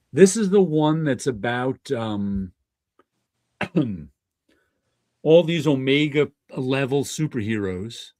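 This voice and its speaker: A man's voice: mid-range voice, a little mellow, no room sound, clean studio sound. A man hosting a casual comic book livestream, talking in a rambling way with chuckles and restarts. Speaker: host of a comic book stream.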